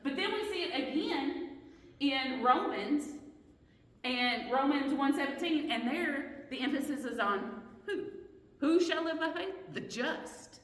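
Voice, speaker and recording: A woman's voice: high-pitched, lively intonation, a little slow, fairly bright tone. A woman teaching a Bible study lesson, earnest and questioning, often restarting her sentences. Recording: roomy hall echo, mic at a distance.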